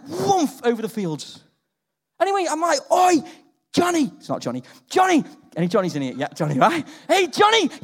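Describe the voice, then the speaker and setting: Male pastor, middle-aged, high lively voice, storytelling sermon. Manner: animated storytelling, quizzing the congregation.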